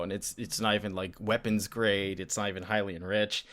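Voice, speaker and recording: A man co-hosting a casual podcast about a comic book, talking loosely and acting out quotes in lively, jumpy voices. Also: on the low side, normal speed. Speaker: podcast co-host.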